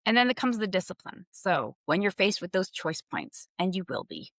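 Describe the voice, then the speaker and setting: A woman's voice: lowish voice, very animated, moderate pace, gravelly, fairly bright tone, no room sound, clean studio sound. A woman executive coach talking candidly and reflectively as a podcast guest, laughing lightly and posing questions to herself. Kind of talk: conversational podcast interview.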